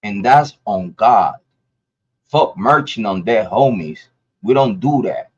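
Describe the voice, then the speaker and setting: A man's voice: fairly low pitch, expressive, takes it slowly, breathy edge. A man from Ohio giving an angry, profane rant to the camera as a YouTube commentator, often stumbling and repeating words. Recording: dull lo-fi audio.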